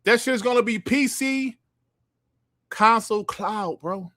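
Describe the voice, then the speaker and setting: An older man hosts a casual gaming stream, firing off loud, profane trash talk and laughing as he reads the chat. His voice sits a bit high for a man. The sound is dry and close, with no room echo. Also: slow. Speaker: podcast host reading live chat.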